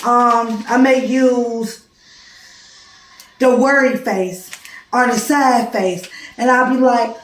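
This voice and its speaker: A woman's voice: a little high, steady tone, slow pace, long pauses, a little hiss or hum. Woman teacher in an echoey room. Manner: informal, conversational explaining. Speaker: preschool teacher. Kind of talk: recorded class presentation. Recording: echoey room, distant mic.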